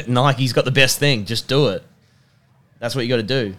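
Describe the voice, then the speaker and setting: A man's voice: mid-range voice, moderate pace, fairly bright tone. A young man, a podcast guest giving an emphatic, repetitive pep talk. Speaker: podcast guest, personal trainer and rugby player. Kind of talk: motivational casual chat.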